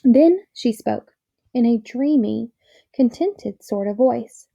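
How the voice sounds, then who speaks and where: A woman reading a children's novel aloud in a gentle, measured storytelling manner. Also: on the high side, lively intonation, creaky, highs cut off. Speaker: reader.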